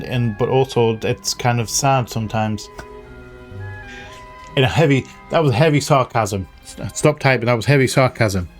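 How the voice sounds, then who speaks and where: A man talks his way through a hidden-object game, reading the notes he finds and tossing in dry, sarcastic remarks. His voice sits at an ordinary middle pitch. Game music plays clearly underneath him. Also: moderate pace. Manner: thinking aloud, reading in-game text with wry asides. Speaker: gaming channel host. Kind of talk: casual let's-play commentary. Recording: game music playing behind.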